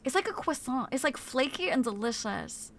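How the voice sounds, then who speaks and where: A woman streamer chatting casually on a live stream, talking in an excitable, animated way, swearing freely and reading her chat aloud. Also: high voice, moderate pace. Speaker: game streamer.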